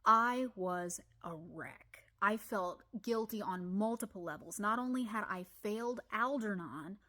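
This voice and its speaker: Animated woman telling funny stories. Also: medium pitch, unhurried. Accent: Ozarks. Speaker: storyteller. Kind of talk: comedic personal storytelling.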